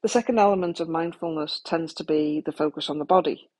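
Speaking fast in a deep, slightly mellow voice, a woman talks candidly and practically to the listener about coping with trauma. She drops in some self-deprecating asides.

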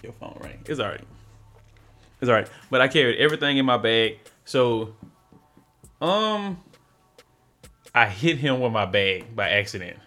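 A young man, telling a story as a podcast co-host in casual chat, animated and laughing, mimicking voices. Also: medium pitch, a little slow, pauses often, soft background music.

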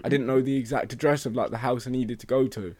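A man's voice: medium pitch, fairly even intonation, fast talker, a little mellow, dry recording. A young man, a podcast co-host telling a rambling story in casual chat, swearing a lot and acting out voices.

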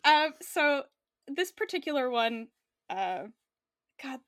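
A woman's voice: sits high, big pitch swings, slow pace, fairly bright tone, dry recording, studio quality. A young Canadian woman co-hosting a podcast, chatting casually with many fillers and frequent laughs. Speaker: podcast co-host. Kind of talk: casual chat.

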